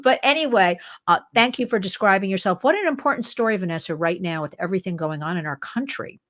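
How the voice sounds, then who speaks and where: An older woman from New Jersey hosting an interview show, talking in an excited, emphatic, chatty way. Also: medium pitch, quick pace. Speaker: host.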